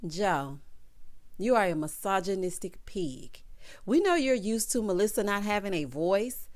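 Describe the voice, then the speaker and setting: A woman's voice: mid-range voice, lively intonation, a little slow, darkish tone. A woman recapping a reality show in a sassy, opinionated way, talking straight to her viewers. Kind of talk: casual chat.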